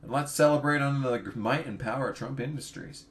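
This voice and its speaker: A man's voice: mid-range voice, brisk, fairly bright tone. A young man in his twenties, a college student by his own account, giving a profane, exasperated rant on his vlog. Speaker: vlogger. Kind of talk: ranting political vlog.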